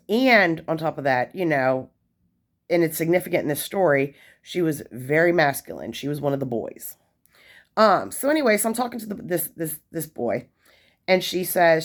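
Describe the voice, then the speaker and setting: Low-voiced woman in her 40s, super animated, rambling story full of asides. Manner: chatty, animated, lots of fillers and asides. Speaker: vlogger sharing prison experiences. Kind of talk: casual storytelling.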